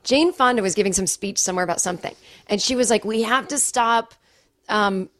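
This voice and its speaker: A woman in her forties from Massachusetts, a guest comedian telling stories in casual, animated podcast chat. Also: mid-range voice, fairly quick, slight background noise. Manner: animated, chatty storytelling with many "like"s. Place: home studio.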